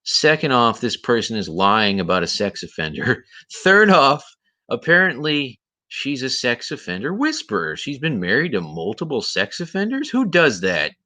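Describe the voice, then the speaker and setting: A man's voice: mid-range voice, big pitch swings, moderate pace, bright, forceful tone. A man hosting a livestream, ranting indignantly and repeating himself, with a voice he says is tired. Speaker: livestream host. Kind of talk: heated commentary livestream.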